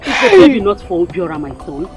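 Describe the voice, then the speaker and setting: Reassuring Nigerian mother, lively inflection, faint music. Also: fairly low pitch, fast. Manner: soothing, reassuring. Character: calm, assured noblewoman mother. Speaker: mother of Obiora. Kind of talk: film drama acting.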